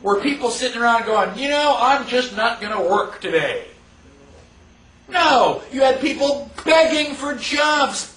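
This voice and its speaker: A man teaching a live class in a casual, conversational way, asking the room rhetorical questions and acting out quick mock quotes. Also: extremely high pitch, lively intonation, a bit bright. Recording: echoey room from far off.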